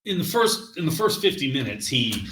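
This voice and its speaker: A man's voice: medium pitch, big pitch swings, moderate pace, fairly bright tone, reverberant, a little hiss or hum. A man co-hosting a movie podcast, easygoing and joking in casual chat. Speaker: podcast co-host.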